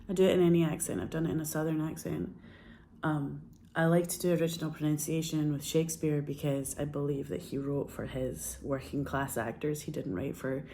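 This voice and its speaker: Low-voiced woman, rambling and earnest. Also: creaky, dark tone, a little hiss or hum. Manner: rambling, earnest, many fillers and restarts. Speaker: filmmaker. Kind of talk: casual personal storytelling.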